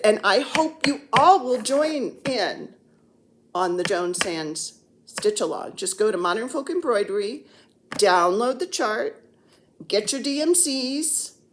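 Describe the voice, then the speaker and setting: A woman's voice: medium pitch, a little hiss or hum. A woman in her sixties chats at home about her stitching projects. She talks in a rambling, jokey way, and her voice swings freely up and down. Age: 60s. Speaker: cross-stitch vlogger. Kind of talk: casual chat. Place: at home, seated on the floor.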